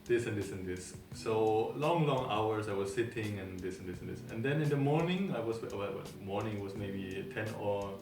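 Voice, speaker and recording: A young man from Germany telling how he met his partner in a calm, halting way, with many pauses and fillers. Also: fairly low pitch. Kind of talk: casual storytelling. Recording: echoey room, mic at a distance, soft music under.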